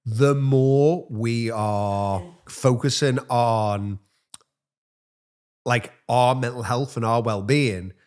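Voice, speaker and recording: A man's voice: medium pitch, very slow, a little mellow, clear, resonant tone. A man co-hosting a podcast, talking reflectively in a rambling way with many fillers. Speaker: podcast co-host. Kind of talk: casual chat.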